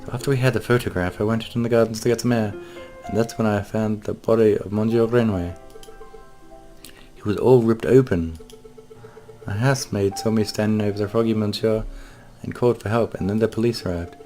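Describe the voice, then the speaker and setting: A man's voice: on the low side, fairly even intonation, a little fast, warm tone, soft background music, pitched above the performer's own voice, close to an everyday voice. A man voicing a young female cat heiress, sweet and naive, in a game playthrough. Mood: earnest. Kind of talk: game dialogue read aloud.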